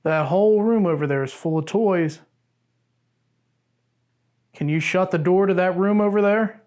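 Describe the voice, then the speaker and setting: A man calling out to a spirit in an upstairs room of an old house at night, making slow, coaxing requests. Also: sits high, darkish tone. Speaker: paranormal investigator co-host.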